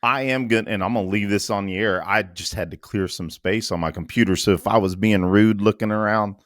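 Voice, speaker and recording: A man with a very low, deep voice co-hosts a podcast in casual chat. He talks in an easygoing, agreeable way and stumbles a little now and then. The recording is dry and close. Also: no room sound. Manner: easygoing, agreeable, slightly halting. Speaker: podcast co-host.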